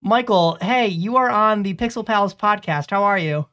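A man's voice: high-pitched, normal speed, sharp tone. A man in his twenties co-hosting a casual podcast, bantering emphatically and swearing freely. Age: 20s. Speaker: podcast co-host. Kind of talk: casual chat.

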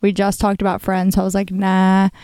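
A woman's voice: medium pitch, completely flat delivery, a little fast, dark tone, clear, resonant tone, no echo. A woman co-hosting a podcast in casual chat, jokey and rambling as she tells stories on a close mic. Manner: chatty, jokey, rambling with fillers. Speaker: podcast co-host.

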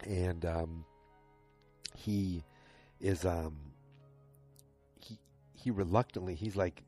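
Low, husky man rambling through a recap. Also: takes it slowly, pauses often, darkish tone, faint music behind. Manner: rambling, often restarts and corrects himself. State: tired and yawning late at night. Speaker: podcast host recapping a TV episode. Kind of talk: casual episode recap.

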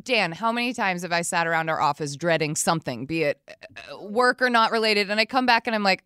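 Smooth-voiced chatty woman giving advice. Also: fairly low pitch, moderate pace, dry recording, studio quality. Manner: chatty, animated, laughs often, acts out quoted lines. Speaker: advice podcast co-host. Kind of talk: casual advice chat.

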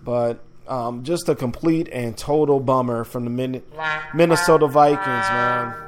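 A man's voice: medium pitch, a little slow, over loud music. A man hosting a casual sports talk show, loose and chatty, with slang and filler words. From upper Midwest of the United States.

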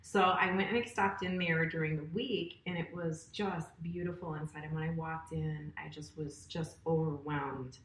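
A woman's voice: low-pitched, fairly even intonation, normal speed, hardly any pauses, a little hiss or hum. A middle-aged woman telling personal stories in a casual chat. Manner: storytelling, chatty with laughs. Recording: echoey room.

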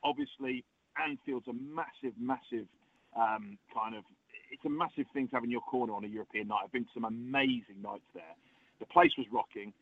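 A man with a South East London accent, chatting as a football pundit guest, talking through the game in an animated, rambling way. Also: medium pitch, brisk, slightly rough. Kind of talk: casual football chat. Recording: dull lo-fi remote line.

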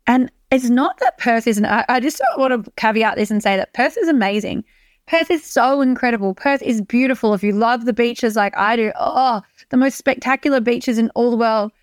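A woman's voice: on the high side, normal speed, no echo, studio quality. A young Australian woman hosting a solo podcast, talking energetically and emphatically and swearing freely. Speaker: podcast host. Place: beach hut.

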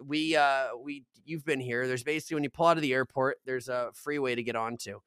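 A young podcast co-host from Arizona tells a long story in casual chat, swearing a lot and animatedly acting out the voices of the people involved. His mid-range voice is a little fast and clean-toned, captured in a dry, clean studio recording.

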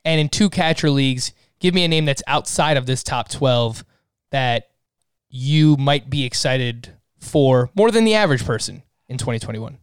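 A man's voice: medium pitch, lively intonation, moderate pace, smooth, no echo, clean studio sound. An upbeat, jokey man hosting a fantasy baseball podcast and steering the talk. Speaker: podcast host.

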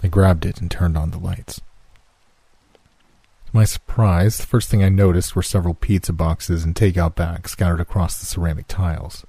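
Deep dark-voiced horror narrator. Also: male voice, steady tone, gravelly, breathy edge, dry recording. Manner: slow, measured, suspenseful reading. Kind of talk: scripted story narration.

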